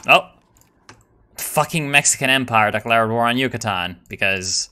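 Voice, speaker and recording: Brief: young male gamer, bright and forceful tone, swears a lot, casual rambling play commentary. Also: mid-range voice, unhurried. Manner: swears a lot, excitable, jokey; muses aloud with frequent fillers and laughs. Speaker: gamer playing a strategy game.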